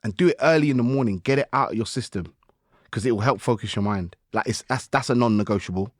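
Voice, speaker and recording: Animated man telling stories. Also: medium pitch, fast talker, no echo, studio quality. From United Kingdom. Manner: animated storytelling with slang and acted-out self-talk. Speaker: guest musician. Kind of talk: casual podcast conversation.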